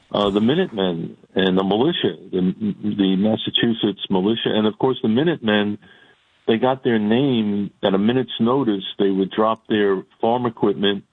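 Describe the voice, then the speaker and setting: A man calling into a radio show, talking emphatically and haltingly with many restarts. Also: fairly low pitch, breathy edge, dry recording. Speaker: caller or guest. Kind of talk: casual radio talk. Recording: tinny phone line.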